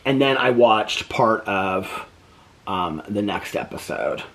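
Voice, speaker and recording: A man's voice: animated, slow pace, vocal fry, a bit bright. A man vlogging at home in a casual, rambling chat full of fillers, cooing to his pet between stories. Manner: chatty, rambling with many fillers; coos to his pet in high baby talk.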